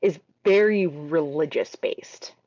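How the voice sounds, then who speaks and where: A woman's voice: sits low, slow, a little mellow, highs cut off. A woman guest on a podcast, chatting casually with playful asides. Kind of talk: casual chat.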